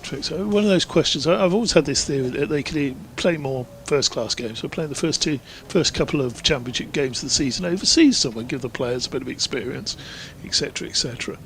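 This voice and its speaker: A man's voice: a little high, lively intonation, quick pace, hardly any pauses, fairly bright tone, a little hiss or hum. A man giving live ball-by-ball cricket commentary in a chatty, rambling way, drifting into anecdotes between deliveries.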